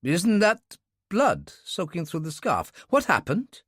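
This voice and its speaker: A man reading an audiobook, voicing a worried young woman in a soft, raised tone. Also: high voice, big pitch swings, slow pace, husky, dry recording, clean studio sound, voice pushed up, heavily acted. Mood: concerned. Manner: soft, concerned.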